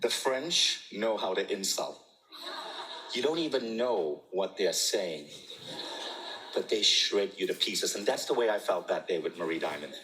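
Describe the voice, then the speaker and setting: Middle-aged male storyteller, bright and clear, playful and animated delivery. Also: sits low, measured pace, slight background noise, poor audio. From Malaysia. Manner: jokey, animated, laughs at own jokes. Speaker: speaker telling a personal story. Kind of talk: humorous storytelling talk.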